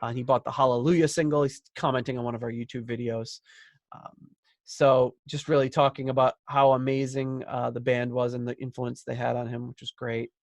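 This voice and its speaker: A podcast co-host talking in a relaxed, joking way. His voice sits at a middle pitch. The sound is dry and close, with no room around it. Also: a little fast, no room sound. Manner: chatty, joking, reads out listener posts. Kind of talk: casual chat.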